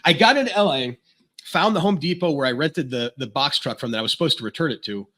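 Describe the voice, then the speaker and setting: Guy from florida rambling thru a story on a podcast, bright edgy voice, keeps restarting sentences. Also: fairly high pitch, animated, fast. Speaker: podcast guest. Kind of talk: casual storytelling.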